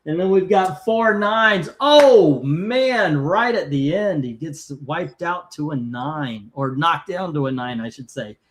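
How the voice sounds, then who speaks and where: A man with a somewhat high voice hosts a relaxed live stream, talking in a chatty way. He reads out viewer comments and scores as he goes. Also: slow, few pauses. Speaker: host of a live comic-cover ranking stream. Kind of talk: casual live-stream chat.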